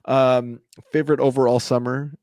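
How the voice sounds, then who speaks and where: A man's voice: mid-range voice, flat delivery, a little mellow, no echo, clean studio sound. A man hosting a podcast, firing off casual, joking questions to his guest. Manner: joking, rapid-fire questions. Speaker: podcast host. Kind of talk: casual interview chat.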